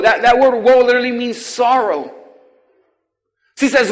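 A man preaching a sermon as pastor, drawing out his words and calling the congregation to repeat after him. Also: high-pitched. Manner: preaching with call-and-response to the congregation; slow, drawn-out emphatic delivery. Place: church sanctuary. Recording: long reverb of a church hall.

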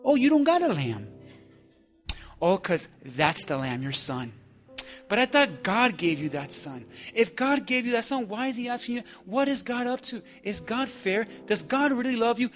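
High bright preacher guy, hushed one sec then yelling for the crowd to repeat, light music under. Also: moderate pace. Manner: energetic preaching, call-and-response with congregation, shifts from hushed to shouting. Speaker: pastor. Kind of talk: sermon.

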